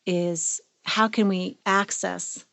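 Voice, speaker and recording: A woman's voice: on the low side, fairly even intonation, takes it slowly, creaky, fairly bright tone, no room sound. A middle-aged woman co-hosting a therapy podcast, talking reflectively and with emotion. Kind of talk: casual conversational podcast.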